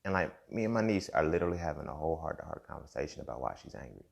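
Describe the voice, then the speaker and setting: A man's voice: very deep voice, sing-song, racing, creaky. A young man hosting a podcast, talking in a reflective casual monologue and often checking in with "you feel me". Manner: conversational, repeats himself, frequent "you feel me". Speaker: podcast host.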